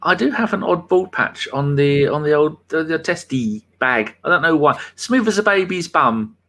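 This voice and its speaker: A man's voice: a little high, animated, normal speed, a bit bright. Rambling, joking male podcast host. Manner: banter-heavy, rambling. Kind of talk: casual chat.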